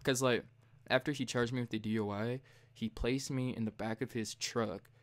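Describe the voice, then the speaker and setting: A young man hosting a late-night podcast in a loose, profane, heated storytelling style. His voice sits at an ordinary middle pitch and leaps up sharply when he acts out his own outbursts. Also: normal speed. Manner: profane, heated, animated retelling; jumps high and loud when mimicking himself. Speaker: podcast host.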